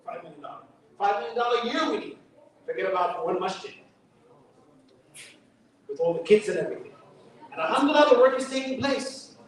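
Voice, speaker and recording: A man's voice: sits high, lively intonation, brisk, pauses often. A man with a New York accent giving a sermon at a mosque fundraiser, chatty and joking, with Arabic quotations. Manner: conversational preaching with joking asides and Arabic quotations. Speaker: guest speaker at a mosque fundraiser. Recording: echoey hall from far off.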